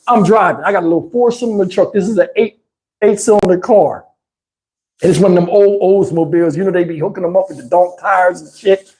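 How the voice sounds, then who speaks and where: A man telling a profane road story on his channel, animated and cussing, acting out everyone involved. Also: high voice, fairly quick. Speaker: channel host.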